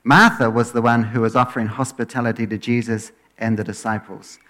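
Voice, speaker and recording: A man preaching a conversational sermon as a pastor, relaxed, often letting his phrases trail off quieter at the end. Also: mid-range voice, fairly quick.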